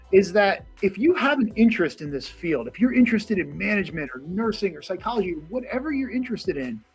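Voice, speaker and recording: A man's voice: high-pitched, husky. A man giving earnest, self-deprecating advice to students on a casual live stream.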